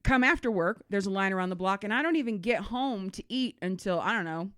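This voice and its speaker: A middle-aged woman co-hosting a casual podcast, telling a story with a lively, swooping voice and plenty of swearing. The sound is close and dry, with no room around it. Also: medium pitch, fairly quick, dry recording. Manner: animated storytelling, swears freely. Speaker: podcast co-host. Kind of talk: casual chat.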